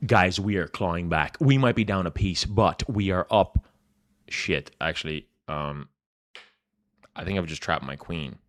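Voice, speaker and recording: A young man streams himself playing chess, talking through his moves loosely and unhurriedly in a low voice. He jokes around, brags with mock grandeur, and pokes fun at himself.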